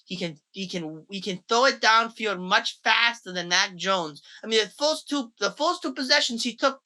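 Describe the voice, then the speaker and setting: A man hosting a casual sports podcast, his bright voice carrying profane, excitable rants. He talks in loose bursts, swearing freely and repeating himself as he builds steam. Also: high voice, normal speed. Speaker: podcast host.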